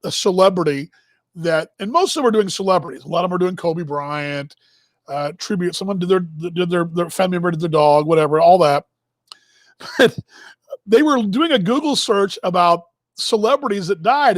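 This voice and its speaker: A Texan man in his fifties hosts a broadcast, telling casual, rambling stories with chuckling asides and interrupting himself. His voice sits high and is expressive, at a moderate pace, with no room sound.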